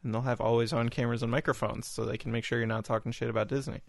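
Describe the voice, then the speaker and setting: Co-host, man, mid-pitch gravelly voice, deadpan interjections. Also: racing, no echo. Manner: dry, short deadpan interjections. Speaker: podcast co-host. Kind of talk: casual comedic podcast chat.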